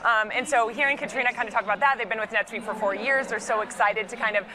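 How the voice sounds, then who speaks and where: A woman's voice: a little high, steady tone, fast talker, crowd noise, low-quality recording. A woman anchoring a live event broadcast from the studio, playful and bubbly in her banter.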